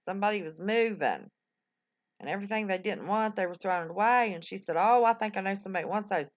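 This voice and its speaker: An older woman from West Virginia hosts a livestream, chatting folksily with her viewers and exclaiming often. Her voice sits in the mid-range, she talks fast, and the recording's high frequencies are cut off.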